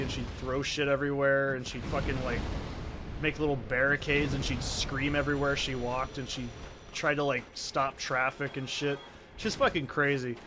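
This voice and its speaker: A man's voice: mid-range voice, noisy background. Rambling Oregon guy, swearing a lot. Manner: rambling, heavy swearing, off-topic tangents. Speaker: let's play gamer. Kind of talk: casual gameplay commentary. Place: soundproofed corner at home. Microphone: desk condenser mic with pop filter.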